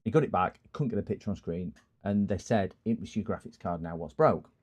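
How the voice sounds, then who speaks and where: A man's voice: sits low, lively intonation, a little fast, darkish tone, breathy edge. A man with a broad Scottish accent chatting casually on a live stream while repairing computers, greeting viewers and rambling through stories. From Scotland.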